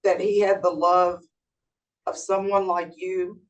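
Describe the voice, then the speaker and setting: A woman giving heartfelt, measured thanks as a guest speaker. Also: lowish voice, little pitch movement. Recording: distant mic.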